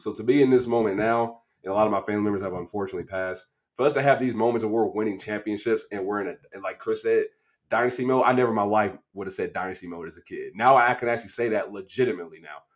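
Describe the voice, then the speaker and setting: A man from Kansas City co-hosting a sports podcast, talking in an animated, emotional way with long run-on stretches. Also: lowish voice. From Kansas City, USA. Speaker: co-host, draft analyst. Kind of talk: casual sports podcast chat.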